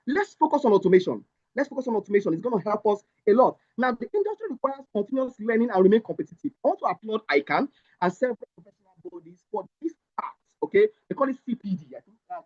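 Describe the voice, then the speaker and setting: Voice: medium pitch, dry recording, dull audio. A speaker giving a motivational talk on an accounting career from slides, repeating key lines for emphasis.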